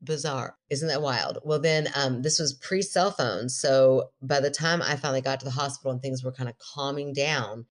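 Middle-aged woman, podcast co-host, very deep voice, lively storyteller. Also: normal speed, hardly any pauses. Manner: animated storyteller, laughs often, quotes herself in a raised voice. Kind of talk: casual chat, storytelling.

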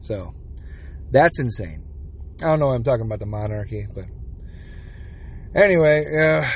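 With a mid-range, slightly rough voice, a man in his forties hosts an opinionated podcast rant at a moderate pace. He's expressive and heated, speaking bluntly and swearing plenty.

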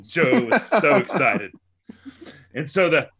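A man's voice: on the high side, sing-song, a little slow, a crowd in the background. A man in casual chat, telling a long rambling joke with swearing and laughs. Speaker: podcast co-host.

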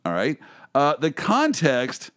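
A man hosting a casual chat, an animated storyteller who laughs often and tells stories from his own legal work. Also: on the high side, slow, clear, resonant tone. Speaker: host, lawyer.

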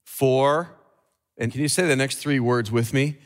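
A man preaching a sermon as pastor, emphatic, with dramatic pauses. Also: mid-range voice, long reverb tail.

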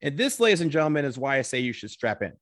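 A man telling a comedic personal anecdote, animated, swearing casually and acting out what people said. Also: mid-range voice, quick pace, dry recording, clean studio sound.

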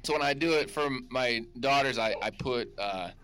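A man's voice: mid-range voice, moderate pace, poor audio. A man hosting a comedic radio chat, sounding awkward and self-deprecating. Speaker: radio host.

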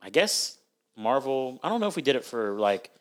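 A man's voice: mid-range voice, big pitch swings, moderate pace. A man hosting a casual podcast, upbeat and loose, laughing often as he leads the chat. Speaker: podcast host.

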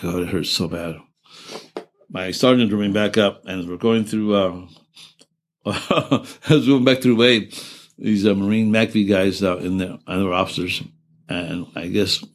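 A low, deep-voiced older man recounting his war service in a loose, meandering way. He swears freely, drops sentences halfway to start over, and breaks into laughter at the darkest moments. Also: steady tone, unhurried. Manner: rambling, profane, trails off and restarts; laughs through grim memories. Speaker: veteran interviewee. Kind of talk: oral history storytelling.

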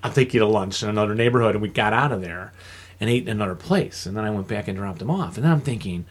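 A man leading a casual group discussion, telling a story with lively acted-out quotes and frequent laughter. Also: fairly low pitch, fast talker, husky. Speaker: discussion leader.

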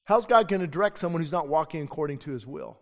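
A man's voice: on the high side, expressive, quick pace. Male pastor, middle-aged, passionate sermon, acts out quoted people, long church-hall reverb.

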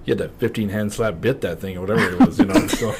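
A man's voice: on the low side, wildly swooping pitch, brisk, heavy background noise. A man in his forties co-hosting a podcast, chatting casually in a rambling, self-deprecating, joking way. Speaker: podcast co-host. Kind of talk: casual chat.

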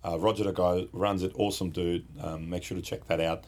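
This podcast co-host is a man with a low, darkish voice, a steady tone, and a brisk delivery. He's chatting casually about guitar pedals, wandering off on tangents and joking as he goes.

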